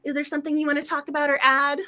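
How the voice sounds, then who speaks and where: A woman hosting a book club livestream in casual, effusive chat, her voice slightly hoarse. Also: high-pitched, monotone, racing, sharp tone.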